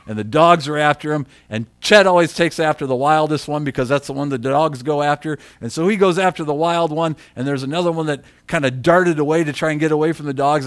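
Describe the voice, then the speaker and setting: A fairly high-voiced man preaching through a long personal story. He speaks in a chatty way, repeating himself, and rises into loud shouted bits. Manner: animated storyteller who shouts quoted lines. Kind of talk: storytelling sermon.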